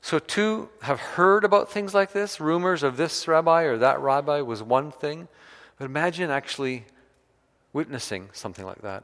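A man's voice: medium pitch, a bit bright. A man preaching a sermon, retelling a scripture story with varied emphasis. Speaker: pastor. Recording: long hall reverb.

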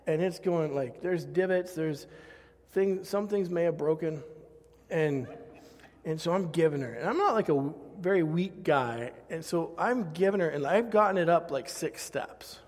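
A man's voice: a little high, moderate pace, darkish tone. A man preaching a sermon and telling a self-mocking personal story, laughing often. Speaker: pastor. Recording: long hall reverb.

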